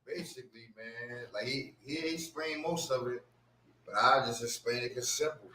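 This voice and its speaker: A man's voice: medium pitch, normal speed, pushed and bright, a little hiss or hum. A man in a casual podcast discussion who explains things by repeating key phrases. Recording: roomy echo.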